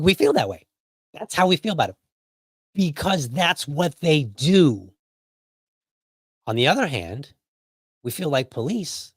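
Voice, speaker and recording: Podcast host, male, loose and exaggerating, mid pitch, close and dry. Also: dry recording. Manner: conversational, hyperbolic, keeps asking "right?". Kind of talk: casual political commentary.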